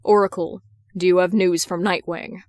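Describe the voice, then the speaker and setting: A woman's voice: lowish voice, fairly even intonation, darkish tone, dry recording, clean studio sound, lightly acted. A woman voicing a stern, worried father and vigilante in a fan audiobook reading. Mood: firm. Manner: measured, slow, authoritative.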